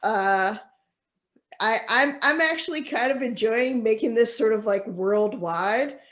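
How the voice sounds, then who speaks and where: A woman's voice: on the high side, a little slow, fairly bright tone. A young woman co-hosting a casual podcast, chatty and thoughtful, with many fillers. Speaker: co-host.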